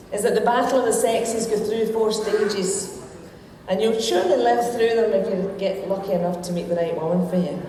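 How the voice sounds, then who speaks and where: A woman's voice: mid-range voice, warm tone. A Scottish woman giving a wry, joking after-dinner speech and reciting a humorous poem with Scots words, at a formal dinner in a large hotel ballroom. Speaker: guest speaker. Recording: echoey ballroom with long reverb and background noise.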